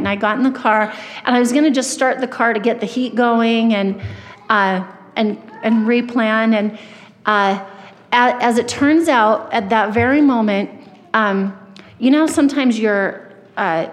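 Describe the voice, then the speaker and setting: A woman giving a personal testimony talk at church, telling her story earnestly with many fillers and restarts. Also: fairly high pitch. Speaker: church speaker. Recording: long reverb of a hall.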